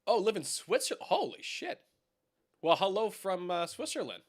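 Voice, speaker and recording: A man's voice: high-pitched, very animated, moderate pace. A young man hosting a casual live stream from home, rambling, swearing and chatting with viewers about keyboards. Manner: rambling, swears, laughs often, talks to chat.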